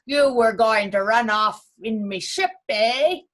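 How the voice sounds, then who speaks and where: A woman voicing a boastful, bullying male pirate captain in a storybook reading, loud and gloating with rough pirate talk. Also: fairly high pitch, takes it slowly.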